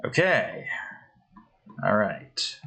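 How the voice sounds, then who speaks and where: Guy slowly muttering to himself while making his game, bright kinda sharp voice, lots of hmms. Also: fairly low pitch, very animated, creaky, poor audio. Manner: muttering to himself, hesitant, self-questioning. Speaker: game developer. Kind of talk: thinking aloud while building a game.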